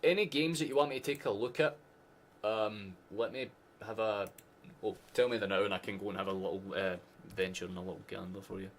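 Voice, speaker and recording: Hosting a live football watchalong, a Scottish man talks casually about the match, swearing frequently and adding sarcastic comments. He speaks briskly in a lowish voice, and a faint hiss or hum runs underneath.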